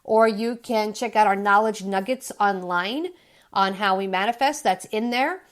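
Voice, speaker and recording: A woman's voice: medium pitch, a little slow. A woman addictions coach giving an upbeat, emphatic self-help talk, acting out people's worries in quoted lines.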